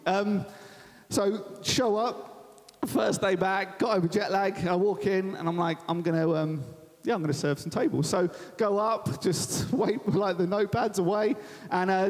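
A man's voice: high-pitched, darkish tone. Young man preaching in a reverberant hall. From Thanet, Kent, England. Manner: chatty, self-deprecating storyteller. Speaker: guest preacher. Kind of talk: sermon with personal storytelling. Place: large church venue. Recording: long reverb of a church hall.

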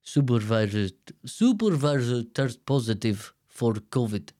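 A man mimicking a slow-speaking coworker in a put-on Eastern European accent. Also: medium pitch, sing-song, mellow. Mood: deadpan. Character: slow male coworker with a heavy foreign accent.

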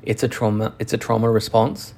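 Gravelly man telling a raw story. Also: lowish voice, completely flat delivery, darkish tone. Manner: halting, frank and profane, with many restarts. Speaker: channel host. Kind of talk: personal storytelling.

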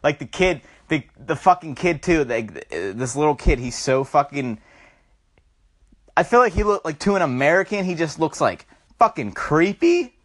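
A casual vlogger rambling through a movie review, heavy on swearing and filler. The delivery is loose and animated, with lively swings in pitch. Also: normal speed.

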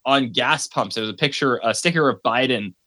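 A man's voice: mid-range voice, normal speed, pushed and bright, no echo. A man speaking in a casual panel discussion, with frequent "like" and "you know" fillers. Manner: casual, many likes and fillers.

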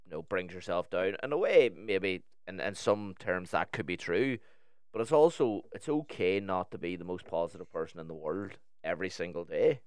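A man's voice: deep voice, moderate pace, clean tone, no room sound, clean studio sound. A man in casual podcast chat, talking candidly and swearing freely as he tells personal stories.

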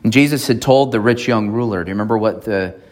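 Low-voiced man preaching conversationally. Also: quick pace. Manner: conversational, checks in with the congregation. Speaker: pastor. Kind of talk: sermon. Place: church.

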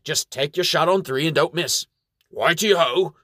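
A man's voice: fairly high pitch, moderate pace, pushed and bright, no echo, clean studio sound, voice pushed up. A man doing a teasing dwarf soldier. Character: loyal joking male dwarf crossbowman.

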